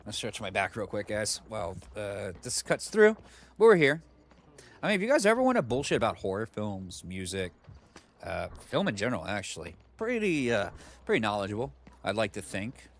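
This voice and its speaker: A man's voice: fairly low pitch, wildly swooping pitch, moderate pace. A man streaming a video game, chatting casually in a rambling way with plenty of fillers and asides, at home on a desk mic. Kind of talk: casual let's-play commentary.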